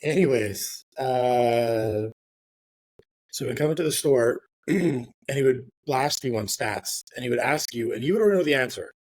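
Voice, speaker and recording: Middle-aged man, casual storyteller on a podcast; mid-pitched, rambling, filler-heavy, a bit of swearing, dry close sound. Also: lively intonation, moderate pace, a little mellow, dry recording. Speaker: real estate agent guest.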